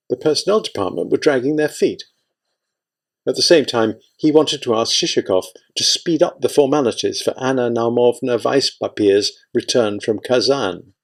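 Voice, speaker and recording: A man reading a literary novel aloud, narrating in a measured, even way. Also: medium pitch, gravelly, husky. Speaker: audiobook reader.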